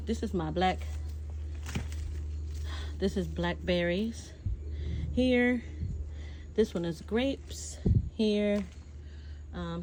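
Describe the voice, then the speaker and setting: A woman's voice: on the low side, a little hiss or hum, low-quality recording. Chatty woman touring her garden outdoors. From New Jersey. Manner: chatty, excitable, says y'all often. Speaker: vlogger. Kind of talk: casual garden tour vlog.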